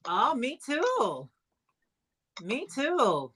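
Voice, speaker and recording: Slow-talking woman with a bright voice. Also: sits high, wildly swooping pitch, breathy edge. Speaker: guest joining the livestream.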